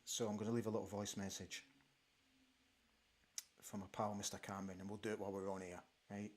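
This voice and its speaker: A man hosting a live football watch-along show from a studio, excitable and exclaiming, often repeating himself as he reacts to the match. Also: on the low side, fairly quick. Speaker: host.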